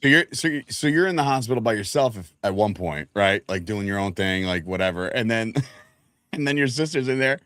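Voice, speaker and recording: A man co-hosting a talk show, chiming in with jokes and quick reactions in casual chat. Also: on the low side, lively intonation, fairly bright tone, no echo, studio quality. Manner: joking interjections and reactions. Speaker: podcast co-host.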